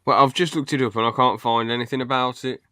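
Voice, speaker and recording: Blunt guy, bright and forceful. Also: mid-range voice, fast talker, smooth, dry recording. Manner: animated, blunt, laughs often. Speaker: podcast host. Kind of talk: casual chat.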